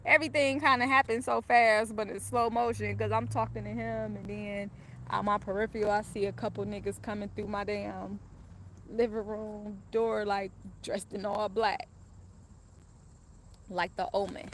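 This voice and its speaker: A woman's voice: medium pitch, flat delivery, normal speed, fairly bright tone, slight background noise. Candid, profane woman telling a story. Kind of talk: casual personal storytelling.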